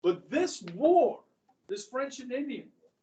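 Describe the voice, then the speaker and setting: A man's voice: extremely high pitch, sing-song, slow pace, dark tone, far from the mic, lo-fi sound. Chatty male history teacher in echoey classroom. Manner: chatty, checks in often with students. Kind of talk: classroom lecture.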